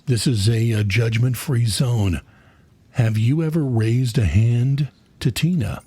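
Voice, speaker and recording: A man's voice: mid-range voice, takes it slowly, dark tone, breathy edge. A man giving a satirical mock lecture, mock-earnest, preachy and profane. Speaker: comedian, mock speaker. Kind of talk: satirical mock TED talk.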